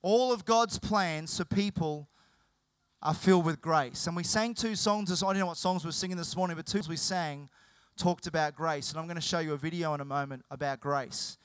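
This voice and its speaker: A man's voice: on the high side, moderate pace, clean tone, dry recording. A male pastor preaching a sermon, emphatic and repetitive.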